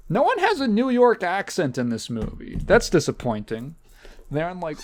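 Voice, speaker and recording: A man hosting a casual podcast, recapping a movie with rambling sarcasm and plenty of swearing. His pitch swoops up and down constantly as he talks. The tone stays loose and conversational throughout. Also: huge pitch swings, moderate pace, darkish tone. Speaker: podcast host.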